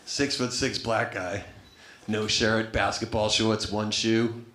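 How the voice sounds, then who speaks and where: A man tells loose, profane stand-up stories with a wry, conversational edge and a bright, forceful voice. His handheld stage mic picks up an echoey club room around him. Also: fairly low pitch, level tone, slow pace. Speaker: stand-up comedian. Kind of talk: stand-up comedy storytelling.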